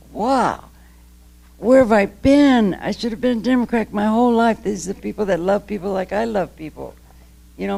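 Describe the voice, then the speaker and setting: A woman's voice: fairly low pitch, creaky, darkish tone. An older woman giving an impassioned talk about her own story. She is emphatic, laughs between points, and rambles with restarts. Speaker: guest speaker. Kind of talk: public talk, candid personal story.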